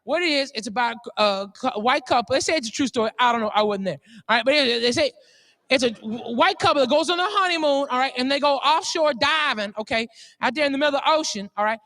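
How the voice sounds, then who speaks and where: A male stand-up comedian telling a story, excitable and profane, often laughing at his own jokes. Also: very high-pitched, fast.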